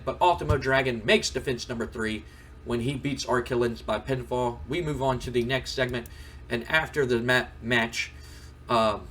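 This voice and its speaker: A man's voice: medium pitch, a bit bright, a little hiss or hum. A man casually narrating a wrestling management game, rambling with lots of fillers. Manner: rambling, filler-heavy recap. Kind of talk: casual let's-play narration.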